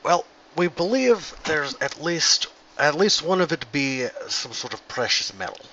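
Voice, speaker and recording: Guy doing a dwarf businessman in a fake russian accent, broken english, bright, slightly muffled mic with faint hiss. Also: fairly high pitch, very animated, unhurried, pitched above the performer's own voice, exaggerated voice. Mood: musing. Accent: Russian (put on). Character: dwarf mine boss Dorian, gruff businessman.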